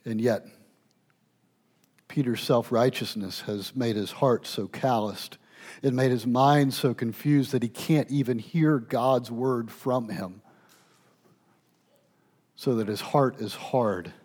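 A man preaching a sermon emphatically, rising loud and dropping to a hush. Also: mid-range voice, slow, pauses often, husky. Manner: emphatic, swings from loud to hushed. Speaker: pastor.

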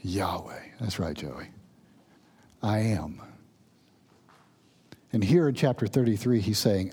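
Mellow-voiced man preaching a sermon. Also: on the low side, animated, slow, long pauses, breathy edge. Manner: earnest, emphatic preaching with verse readings. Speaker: pastor.

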